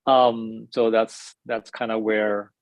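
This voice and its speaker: A man from India, introducing himself haltingly on a video call. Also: fairly low pitch, flat delivery, dry recording, rough recording. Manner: halting, many fillers and restarts. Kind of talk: casual self-introduction.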